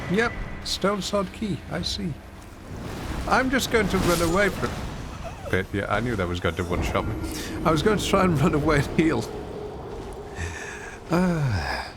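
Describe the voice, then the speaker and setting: A man's voice: fairly high pitch, gravelly. A man with an English accent giving wry, theatrical commentary while streaming a game. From England. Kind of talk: casual gameplay commentary.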